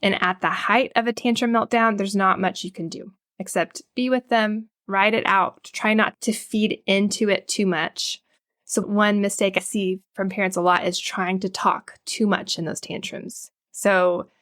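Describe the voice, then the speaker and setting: Calm reassuring woman psychologist. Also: medium pitch, measured pace, no room sound, studio quality. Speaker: child psychologist guest. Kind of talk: podcast interview.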